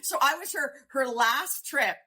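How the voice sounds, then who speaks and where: A woman's voice: high voice, lively intonation, unhurried, bright, forceful tone. A woman from Canada, a podcast guest, telling a story in a rambling casual way with many fillers.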